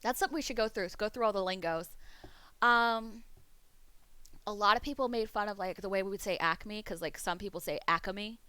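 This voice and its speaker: Chatty streamer woman with a smooth voice. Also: medium pitch, a little fast, bright, forceful tone, dry recording. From Pennsylvania, US. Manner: rambling, chatty, swears freely. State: losing her voice. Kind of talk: casual chat with stream viewers.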